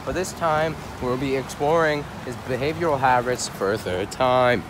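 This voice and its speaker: A young man hosting a joke wildlife show, narrating in a hammy mock-documentary style and bursting into shouts and laughter. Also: mid-range voice, moderate pace, hardly any pauses. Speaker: host of a joke nature show. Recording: noisy outdoor phone recording.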